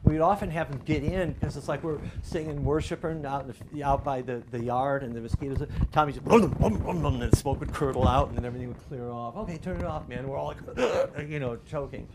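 A middle-aged man delivers a sermon like a story told among friends, circling back and restarting his phrases as he goes. His voice sits at an ordinary pitch. The recording has a clear hiss of background noise. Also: fairly even intonation, fast, few pauses. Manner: conversational storytelling with frequent restarts. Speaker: pastor.

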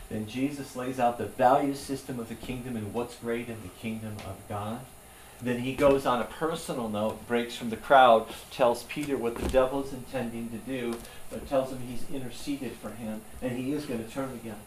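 A man's voice: medium pitch, steady tone, moderate pace. Preacher man in an echoey room. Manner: earnest, conversational preaching. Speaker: pastor. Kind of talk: sermon. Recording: echoey room, voice from far off, faint hum.

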